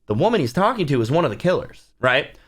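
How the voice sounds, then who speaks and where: A man's voice: a little high, sing-song, quick pace, fairly bright tone, faint music behind. A man, a book channel host and author, talking casually to camera and acting out reactions with gasps and whispers. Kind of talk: casual talk to camera about films.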